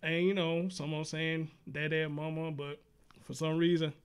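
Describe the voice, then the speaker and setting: A man's voice: a little high, level tone, moderate pace, clear, resonant tone. A man hosting a talk show, telling stories in a loose, casual way, swearing freely and calling listeners dude and brother. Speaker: show host.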